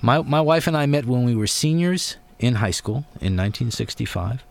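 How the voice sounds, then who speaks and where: A man's voice: mid-range voice, animated, moderate pace, creaky, no room sound. A man in his forties hosting an interview, chatty and given to rambling anecdotes. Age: 40s. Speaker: interviewer host. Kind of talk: conversational interview.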